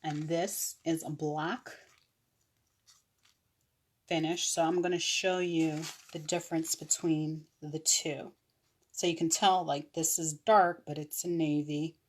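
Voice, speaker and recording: Woman, low voice, slow and chatty, live stream seller. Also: little pitch movement. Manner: chatty, with fillers and self-corrections. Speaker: online nail seller. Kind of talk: casual live product demo.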